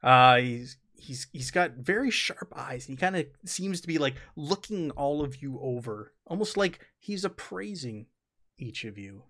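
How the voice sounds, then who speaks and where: A man's voice: medium pitch, lively intonation, measured pace, pushed and bright. A man narrating a tabletop game as game master, chatty, with frequent fillers and laughter.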